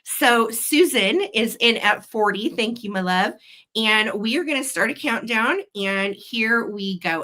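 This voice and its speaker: Effusive woman hosting a live sale. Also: mid-range voice. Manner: effusive, warm greetings to viewers, counts down bids. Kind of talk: live online auction chat.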